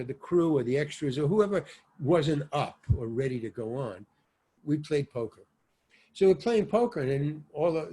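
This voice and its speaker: An older man, an actor and stand-up comedian, telling rambling anecdotes as an interview guest, with sudden swings between loud and soft. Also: fairly high pitch, slightly rough. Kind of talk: casual anecdotal storytelling.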